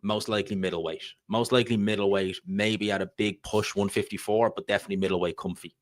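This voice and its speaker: A Dublin Irish man with a fairly low voice talks loosely and chattily on his live stream, drifting from point to point as he answers viewers. The sound is dry and close, with no room around it. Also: steady tone, fast, dry recording. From Ireland. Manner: rambling, chatty, reads viewer comments aloud. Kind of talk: casual live-stream chat about boxing.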